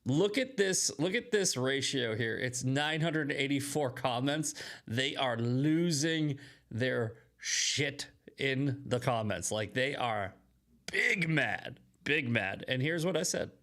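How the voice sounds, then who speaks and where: A man's voice: mid-range voice, expressive, slow, fairly bright tone. A man hosting casual political commentary, blunt and conversational, often checking in with "okay". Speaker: host.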